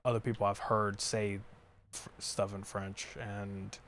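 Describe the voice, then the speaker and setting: A young man talks in a loose, rambling way, full of fillers and offhand swearing. His voice sits a little low. A faint noise runs under the recording. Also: little pitch movement, unhurried, a bit bright. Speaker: podcast co-host. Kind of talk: casual chat while playing a trucking game.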